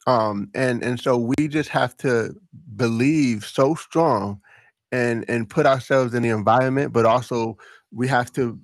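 A man's voice: medium pitch, measured pace, no echo. A man who is a guest on an interview podcast, talking earnestly, stumbling and repeating words and laughing easily. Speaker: guest, entrepreneur. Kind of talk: interview conversation.

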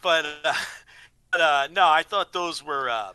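Male co-host, slightly high, bright tone, loose rambling delivery. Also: unhurried, clear, resonant tone, dry recording. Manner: rambling, repeats words while thinking. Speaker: podcast co-host. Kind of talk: casual chat.

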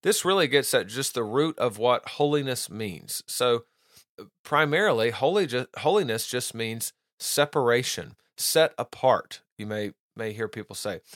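A man's voice: mid-range voice, lively intonation, measured pace, fairly bright tone, dry recording, studio quality. A man hosting a podcast, teaching doctrine in an earnest, casual monologue, often restarting and repeating words and reading quotes aloud.

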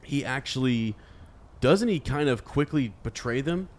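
A man's voice: medium pitch, animated, a little slow, a little mellow. A man in a casual book discussion who teases, laughs easily and reads passages aloud with many fillers.

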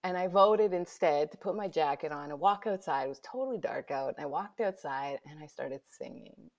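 A woman guest, an author, telling a personal story in conversation, lively and dropping to whispers for her inner thoughts. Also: low-pitched, moderate pace.

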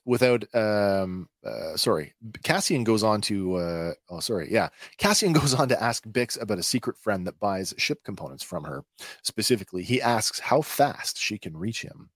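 Male podcast host, lowish voice, dry close sound, halting casual recap full of fillers. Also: expressive, fairly bright tone, no echo. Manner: hesitant, many filler sounds, chatty.

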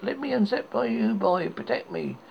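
A man voicing a menacing witch who pleads and threatens, in a gravelly voice. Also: very high voice, moderate pace, pitched above the performer's own voice, heavily acted. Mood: hissing. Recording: dull lo-fi recording with faint hiss.

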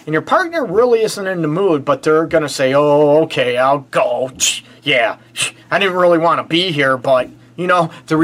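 A man's voice: fairly high pitch, a bit bright. A man hosting a relationship advice show as a counselor, talking straight to viewers in a blunt, emphatic way and often calling them "people.". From United States. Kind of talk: direct-to-camera advice talk.

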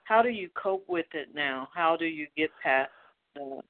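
A woman's voice: low-pitched, expressive, moderate pace. A woman hosting a Christian radio interview, affirming her guest with frequent amens and praise. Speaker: radio host. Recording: thin, phone-like line.

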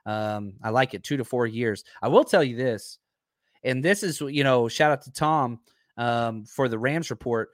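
A man's voice: mid-range voice, a little slow, dry recording. Chatty man with a dry, close sound. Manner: chatty, with many fillers and restarts, rattling off stats. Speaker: host of a football live stream. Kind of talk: casual live-stream commentary.

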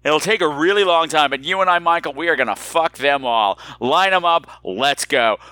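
A man hosts a casual solo podcast in a bright, forceful, fairly high voice at normal speed, sounding campy, flirty and self-mocking as he riffs and reads listener emails. The recording is close and dry, with no room sound.

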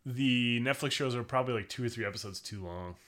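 A man's voice: medium pitch, quick pace, a bit bright. A man co-hosting a podcast, joking, swearing and laughing a lot in casual movie chat. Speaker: podcast co-host.

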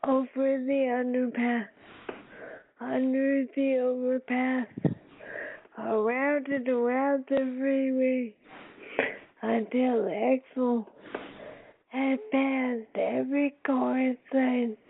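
A woman host reading a children's story aloud in a slow, careful read-aloud way. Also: high voice, little pitch movement, gravelly. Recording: tinny phone-like sound with faint hiss.

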